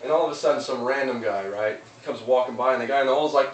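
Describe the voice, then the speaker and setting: A man's voice: mid-range voice, fast. A man giving an earnest, casual motivational talk, often restarting his words. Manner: earnest, loose, with many repeated restarts. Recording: roomy, distant mic, faint noise.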